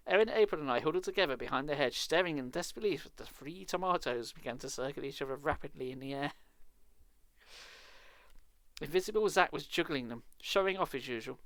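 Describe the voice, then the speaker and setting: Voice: medium pitch, lively intonation, fast talker, few pauses, fairly bright tone, dry recording. A streamer reading a children's horror book aloud live, with casual, sarcastic, swearing asides.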